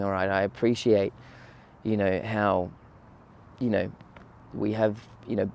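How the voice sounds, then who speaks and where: A man talks in a low, mellow voice, easygoing and conversational, tagging his points with "right?". He is outside on a windy morning, with faint wind and passing traffic behind him. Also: creaky. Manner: relaxed, conversational, frequent "right?" and "you know". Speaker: meditation teacher. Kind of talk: casual outdoor talk on gratitude. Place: outdoors by the water on a windy morning.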